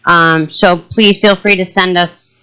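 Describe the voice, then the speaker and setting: A woman's voice: on the low side, fairly even intonation, takes it slowly, crowd noise. A woman with a Boston accent chatting casually as a podcast co-host. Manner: laid-back, chatty, plugging her nail business.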